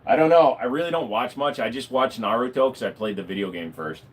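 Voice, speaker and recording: A man's voice: mid-range voice, quick pace, slightly rough. A man chatting casually on a livestream, rambling and swearing freely. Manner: animated, swearing, rambling with fillers. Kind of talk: casual live-stream chat.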